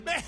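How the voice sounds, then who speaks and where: A high, bright, gravel-edged voice of a hapless young would-be adventurer, as a performer plays him in a video game. He is excitable and clumsy, fumbling for words, his pitch leaping up and down with unhurried delivery. Faint game music sits behind him. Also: heavily acted. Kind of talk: video game character dialogue.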